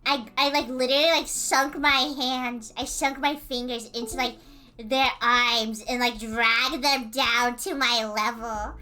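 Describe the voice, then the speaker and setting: A woman streamer casually retelling a story in an animated way, full of fillers and quick laughs. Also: on the high side.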